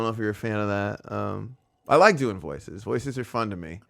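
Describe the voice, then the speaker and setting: A man's voice: fairly low pitch, moderate pace, creaky, fairly bright tone. A man hosting a podcast, joking loosely, laughing often and slipping into silly voices. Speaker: podcast host. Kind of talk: casual comedic chat.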